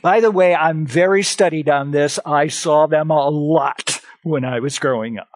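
A man preaching a sermon on scripture, animated and expressive, calling out like a shepherd at times. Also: measured pace, no echo. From grew up on a farm. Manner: animated, swings pitch, acts out shepherd calls.

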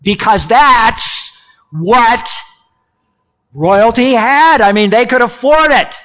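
A male pastor delivers a sermon with a high-pitched voice and an unhurried pace. He is animated and playful. His delivery swings from loud exclamations down to hushed, whispered asides.

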